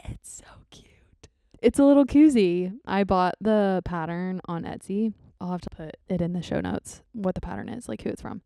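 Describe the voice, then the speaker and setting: A woman's voice: mid-range voice, creaky, warm tone, no echo, clean studio sound. A young woman hosting her own podcast in a bubbly, rambling, easily sidetracked chat. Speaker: podcast host. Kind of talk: casual solo podcast chat.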